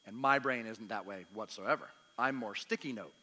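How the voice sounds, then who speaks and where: A man's voice: lowish voice, normal speed, pushed and bright. A man preaching a storytelling sermon in a chatty, self-deprecating, humorous way, acting out bits of dialogue. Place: church meeting hall. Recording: long hall reverb.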